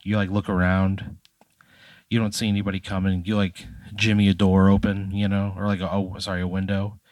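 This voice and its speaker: Man, game master, deep voice, loose chatty storytelling, dry close mic. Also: level tone, a little fast, a little mellow, no room sound. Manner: loose and chatty, full of fillers. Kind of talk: improvised narration of a comedy tabletop game.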